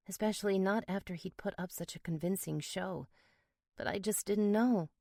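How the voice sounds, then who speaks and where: A woman narrating a first-person romance audiobook in a steady, measured way. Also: deep voice, no echo, studio quality.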